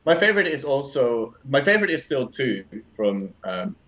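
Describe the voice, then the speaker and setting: A man's voice: mid-range voice, very animated, normal speed, fairly bright tone, poor audio. A man co-hosting a live stream, chatting casually in an easygoing way. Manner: easygoing, laughs often. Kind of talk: casual chat.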